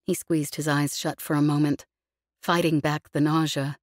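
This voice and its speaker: A woman narrating a novel in a measured, even storytelling voice, read close in a studio. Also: low-pitched, no echo. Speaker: audiobook narrator. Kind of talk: scripted narration.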